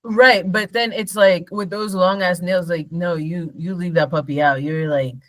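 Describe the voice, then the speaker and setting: A podcast co-host chats casually and teases with heavy slang. The voice is bright, and the recording is dry and close. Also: medium pitch, fairly even intonation, normal speed, no echo, poor audio. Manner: slangy, joking, teasing. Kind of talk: casual chat.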